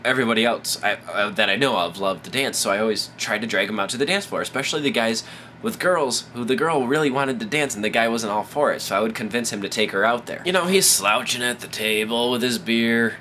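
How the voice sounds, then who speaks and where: A man's voice: medium pitch, expressive, brisk, bright, forceful tone, a little hiss or hum. A man hosting his own advice vlog, telling a rambling, profane story while drunk. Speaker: vlogger, host of his own show.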